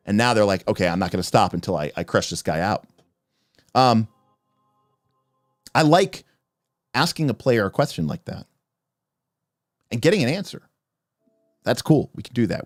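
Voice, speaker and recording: Animated man talking tabletop games. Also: lowish voice, no echo, studio quality. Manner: animated, acts out players' lines in quick asides. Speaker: game master and podcast host. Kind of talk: livestream talk about tabletop games.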